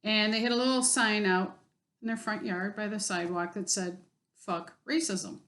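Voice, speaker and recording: A woman's voice: mid-range voice, normal speed, a bit bright. Lady ranting about her day, swears a lot, blunt and fed up. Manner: blunt, profane, exasperated storytelling. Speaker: vlogger. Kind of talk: casual vlog rant.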